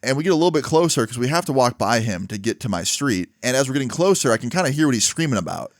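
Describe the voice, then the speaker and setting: A man's voice: mid-range voice, sing-song, fast, few pauses, dry recording, clean studio sound. A young man telling a personal story casually, dropping "like" and "right?" often. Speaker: vlogger. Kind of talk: storytime monologue.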